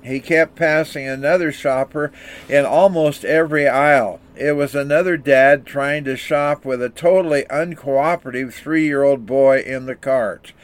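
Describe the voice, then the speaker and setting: A man's voice: medium pitch, fairly even intonation, unhurried. An older man preaching a sermon, reading scripture and telling anecdotes in an earnest, storytelling way. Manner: earnest, storytelling delivery with small restarts. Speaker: pastor.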